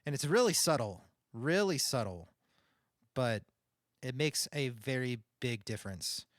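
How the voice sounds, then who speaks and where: Male streamer, nasal, mid pitch, rambling and casual, very dry close studio mic. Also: expressive, measured pace, no room sound. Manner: rambling, thinking aloud with restarts. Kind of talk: casual livestream talk about audio setup. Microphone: condenser studio microphone.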